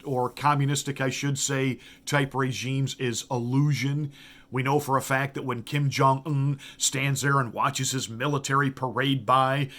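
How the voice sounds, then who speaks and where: Casting note: middle-aged male pastor, mid-pitched voice, emphatic commentary built on rhetorical questions, frequent restarts. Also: a bit bright. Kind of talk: political commentary monologue.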